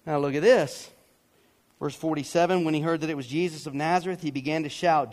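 A man preaching a sermon to a congregation, emphatic, with sudden shouted lines and casual asides. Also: on the high side, steady tone, a little fast. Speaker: pastor.

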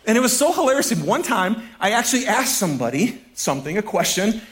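A pastor giving a casual sermon to his congregation, animated, chuckling often and repeating key phrases. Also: sits high, quick pace.

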